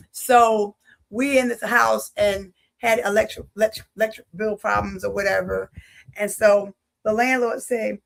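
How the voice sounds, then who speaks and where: A woman's voice: on the high side, creaky, low-quality recording. A woman with a Philadelphia accent telling her life testimony, acting out the voices of the people in it. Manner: animated, acts out quoted voices. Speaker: life speaker giving a testimony. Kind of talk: storytelling testimony.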